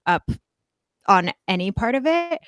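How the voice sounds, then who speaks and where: A woman's voice: on the high side, very animated, a little slow, a bit bright, clean tone, no room sound, studio quality. A young woman telling a rambling story casually on a comedy podcast, chatty and full of "like". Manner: chatty, rambling, upspeak-laden. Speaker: podcast guest.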